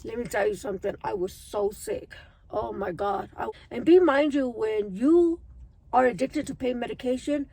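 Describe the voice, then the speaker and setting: Earnest woman telling her story, fairly high voice. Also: husky, no echo, low-quality recording. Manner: earnest, emotional, speaks straight to viewers. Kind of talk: personal storytelling to camera.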